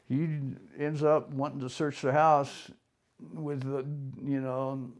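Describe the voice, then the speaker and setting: A man's voice: medium pitch, creaky, a little mellow. An older man telling rambling anecdotes in an interview, acting out other people's lines along the way. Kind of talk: casual storytelling.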